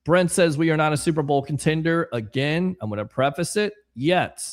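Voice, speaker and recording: A man's voice: fairly high pitch, moderate pace. A man hosting a casual sports livestream, chatting and reading viewer comments aloud with rambling asides. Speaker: sports podcast host.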